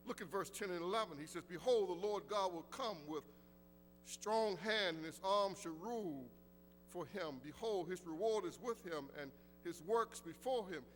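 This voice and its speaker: A man preaching a sermon as pastor, reading scripture slowly and deliberately, his voice swelling for emphasis and sinking low at the ends of phrases. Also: fairly bright tone, in a large hall, a little hiss or hum.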